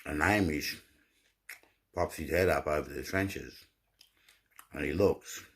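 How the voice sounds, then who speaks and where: Very deep, slow, husky man. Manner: laid-back, repeats words when telling a joke. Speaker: vlogger. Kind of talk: rambling casual storytelling.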